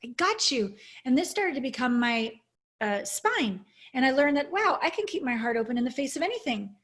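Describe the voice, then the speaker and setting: A woman coach answering interview questions over a video call. Her voice sits a little high, and her delivery is earnest, reflective and openly emotional. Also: very animated, fairly quick, a bit bright. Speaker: intimacy coach, guest. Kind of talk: interview storytelling.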